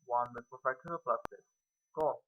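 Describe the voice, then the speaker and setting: A man's voice: medium pitch, brisk, lo-fi sound. A man giving a casual whiteboard math lesson, rambling and muttering self-mocking asides as he works through the steps. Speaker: math tutor.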